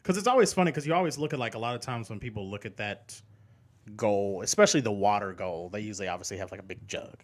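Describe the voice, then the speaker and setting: A man's voice: on the low side, fast talker. A man co-hosting a podcast in casual chat, laughing often and cursing freely. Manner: laughs often, loose and profane. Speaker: podcast co-host.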